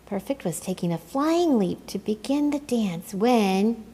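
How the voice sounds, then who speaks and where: A woman's voice: fairly low pitch, slow pace, breathy edge. Woman reading a storybook expressively. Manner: expressive, playful. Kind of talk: reading a picture book aloud. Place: church.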